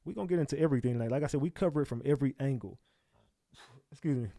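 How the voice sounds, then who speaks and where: A man's voice: medium pitch, very fast, creaky, warm tone, no room sound, studio quality. Slangy man hosting a live stream. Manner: hypes the chat, slangy and repetitive. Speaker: livestream news host. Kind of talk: casual live-stream commentary.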